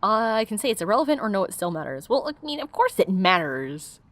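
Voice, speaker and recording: A woman's voice: medium pitch, big pitch swings, a little fast, a bit bright, no room sound. A woman giving casual let's play commentary, blunt and chatty, swearing freely.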